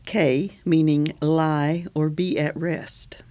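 A man's voice: on the high side, level tone, slow, warm tone. A man with an Oklahoma accent chatting casually as a radio co-host, wry and bookish, with a teasing edge. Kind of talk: casual chat.

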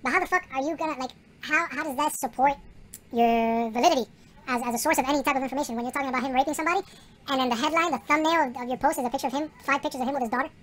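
A woman's voice: high-pitched, rapid-fire, fairly bright tone. A woman co-hosting a podcast in heated casual chat, who keeps asking "you get me". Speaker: podcast co-host.

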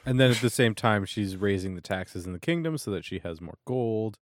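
Dry deadpan man recapping a show. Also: fairly low pitch, fairly quick, no room sound. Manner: dry, deadpan retelling with sarcastic asides. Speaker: podcast co-host. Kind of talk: casual episode recap chat.

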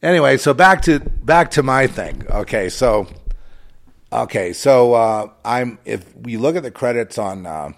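A man's voice: medium pitch, lively intonation, a little slow, creaky. A man delivering a rambling, moralizing monologue with a sardonic, digressive way of talking.

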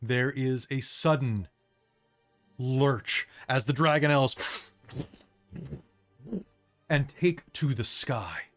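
A man running a tabletop game as game master, narrating with a relaxed, descriptive manner and some fillers. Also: medium pitch, drawn-out words, long pauses, soft background music.

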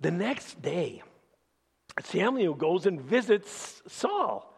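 Slow gravelly animated preacher man. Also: high-pitched. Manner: animated storytelling preacher, dramatic pauses. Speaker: pastor. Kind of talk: sermon.

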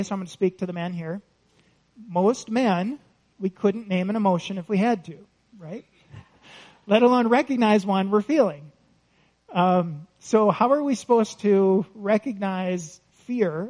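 A man preaches in a church, his voice pitched high for a man. He talks conversationally, often asking the congregation questions and laughing lightly between points. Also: darkish tone, rough recording. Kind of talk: sermon.

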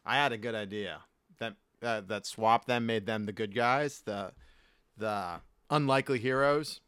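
A man from the US East Coast co-hosts a loose podcast chat, cracking jokes and laughing as he wanders off on tangents. His voice has a bright, forward edge. It is recorded dry and close, with no room sound. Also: fairly low pitch, unhurried, clear, resonant tone, dry recording. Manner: joking, laughs often, rambling tangents. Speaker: podcast co-host.

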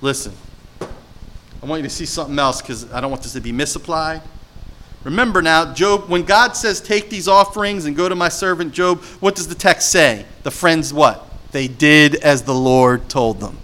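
A man's voice: on the high side, moderate pace, low-quality recording. A man preaching a sermon, reading scripture dramatically and asking his listeners questions in a conversational way. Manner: emphatic, dramatic scripture reading with sudden loud and quiet turns; conversational, asks the audience questions.

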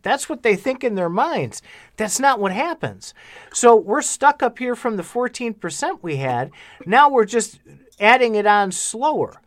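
A man's voice: sits high, very animated, measured pace, a bit bright. Blunt ranting man. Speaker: podcast co-host. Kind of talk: casual chat.

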